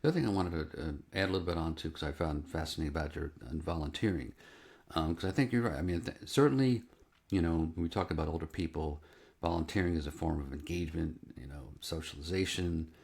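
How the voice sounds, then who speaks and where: A man's voice: extremely low pitch, quick pace, vocal fry, darkish tone. A man hosting an interview, musing aloud with many fillers. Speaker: interview host. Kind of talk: conversational interview.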